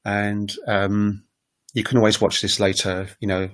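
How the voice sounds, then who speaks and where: A man's voice: fairly low pitch, level tone, measured pace, fairly bright tone. Rambling man hosting a language livestream. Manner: rambling, full of ums and self-corrections; demonstrates phrases aloud. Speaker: language learning streamer. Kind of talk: casual livestream talk about languages.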